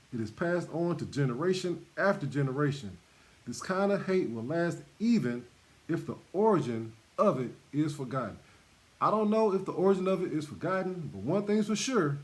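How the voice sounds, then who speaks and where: A male bible teacher preaches with a lively, swooping delivery and a fairly high-set voice. He hammers points home by repeating them and laughs softly between lines. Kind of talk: sermon-style bible study.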